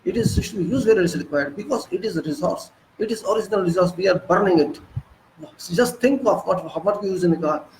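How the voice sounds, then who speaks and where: A man's voice: high-pitched, expressive, quick pace, echoey room, background noise. A man in his sixties with an Indian English accent, giving an earnest moralizing lecture full of repetition and rhetorical questions. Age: 60s.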